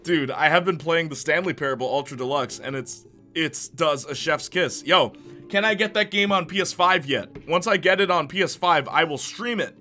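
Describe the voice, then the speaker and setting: A man's voice: on the high side, moderate pace, pushed and bright, faint music behind. A young man from Canada, a streamer chatting casually with his viewers, loose and joking, laughing often. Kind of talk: casual chat, reading live chat.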